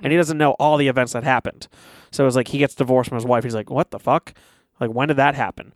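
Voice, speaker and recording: Young man, casual storyteller, swears a lot, mid pitch, dry close mic. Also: quick pace, no room sound. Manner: animated, swears often, acts out quotes. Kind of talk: casual chat, retelling a movie.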